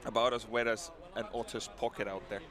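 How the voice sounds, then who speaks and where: A man's voice: mid-range voice, fairly quick. A man giving live ice hockey color commentary from the gantry, bantering and laughing. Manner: lively, laughs a lot, banter.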